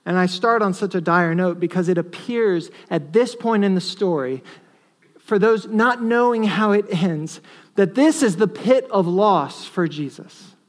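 Earnest high-voiced male preacher. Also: a little slow. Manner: earnest, rises to emphatic stresses then drops to quiet asides. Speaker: pastor. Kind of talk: sermon.

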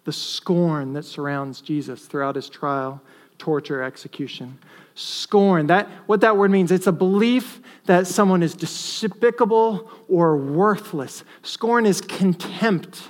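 A male pastor preaching a sermon earnestly, with emphatic stresses that drop to quiet asides. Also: sits high, slow pace.

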